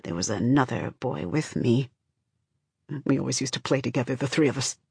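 A woman reading an audiobook, voicing a bitter, haunted father with a low, tight, simmering anger. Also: animated, fairly quick, vocal fry, a little mellow, breathy edge, no echo, studio quality, heavily acted.

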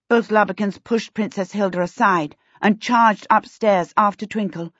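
A woman narrating a fantasy novel in a measured, expressive way. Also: mid-range voice, no echo. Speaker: audiobook narrator. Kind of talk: scripted narration. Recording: dull dry lo-fi recording.

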